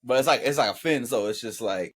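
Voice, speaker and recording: A man's voice: medium pitch, quick pace, slightly rough. A man co-hosting a casual podcast, joking around in a playful, slangy way. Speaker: podcast co-host. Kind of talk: casual comedic chat.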